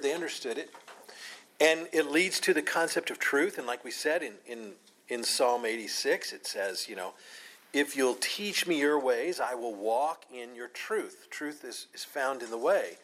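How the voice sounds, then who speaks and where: A man's voice: medium pitch, expressive, unhurried, fairly bright tone, low-quality recording. A man preaching a Sunday morning sermon, teaching in an earnest way and leaning hard on the scripture he quotes. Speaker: pastor.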